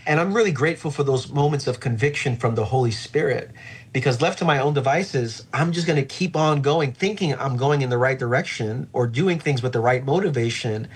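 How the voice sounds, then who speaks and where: In an interview about faith, a pastor talks in an earnest, reflective way, easing his pace to emphasize important phrases. He has a husky, mid-range voice.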